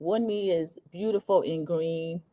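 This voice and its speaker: Woman, middle-aged, from the US, livestream host, candid and opinionated, lowish voice. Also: unhurried, mellow. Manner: blunt, opinionated, candid storytelling. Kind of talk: casual livestream commentary, reading viewer comments.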